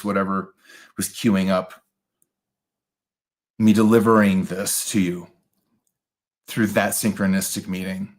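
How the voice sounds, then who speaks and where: A man telling a personal story in a reflective monologue, with many pauses, fillers and restarts. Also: on the low side. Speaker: astrologer host.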